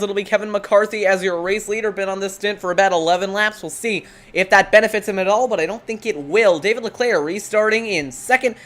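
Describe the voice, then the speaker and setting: This is a lead commentator on an online sim racing broadcast who calls the race play-by-play. The delivery is brisk and steady, reeling off driver names, positions and corners, and the pitch sits in a middling range. It sounds like a headset mic on a remote call.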